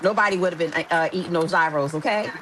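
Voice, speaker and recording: A woman's voice: lowish voice, quick pace, a bit bright, slight background noise. A woman co-hosting a casual podcast, telling a story in a playful, emphatic way. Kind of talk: casual chat.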